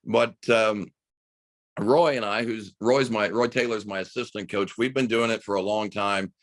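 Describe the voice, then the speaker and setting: A middle-aged man from the United States, a high school basketball coach and radio broadcaster, telling a story with enthusiasm in a podcast interview. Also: fairly even intonation, normal speed, no room sound.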